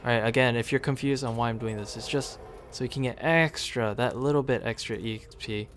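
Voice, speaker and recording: A man's voice: mid-range voice, brisk, slight background noise. Chatty man narrating his gameplay. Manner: chatty, talks to the game units, sudden excited outbursts. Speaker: gaming video creator. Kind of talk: casual gameplay commentary.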